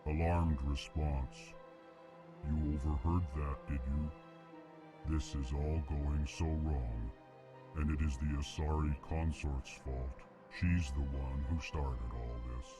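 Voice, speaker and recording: A man voicing a huge elephant-like alien diplomat in a video game, speaking in a flat monotone and naming each emotion before he speaks. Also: rumbling low, slow, music in the background. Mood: alarmed.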